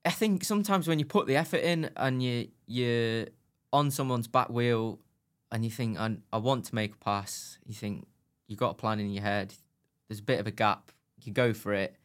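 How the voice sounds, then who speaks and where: A young man who is a motorbike racer, telling animated stories in a casual podcast chat and laughing at himself. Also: mid-range voice, moderate pace. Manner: animated anecdotes, laughs at himself, acts out his own thoughts.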